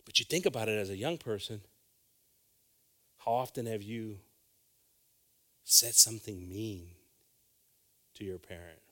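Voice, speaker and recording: A man preaching a bilingual sermon, swinging from hushed asides to loud calls and repeating phrases. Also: lowish voice, a little slow, pauses often.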